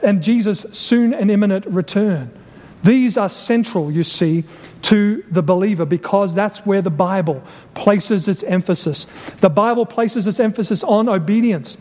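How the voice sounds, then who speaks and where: A man preaching a sermon, deliberate and emphatic, repeating key phrases and asking rhetorical questions. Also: high-pitched, a little mellow. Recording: long hall reverb.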